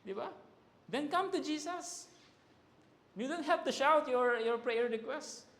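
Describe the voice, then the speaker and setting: A man's voice: very high-pitched, measured pace, creaky. A man preaching a sermon, mixing English and Tagalog and raising his voice for quoted cries. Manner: switches between English and Tagalog, rises to loud emphasis on quoted cries. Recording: echoey hall reverb.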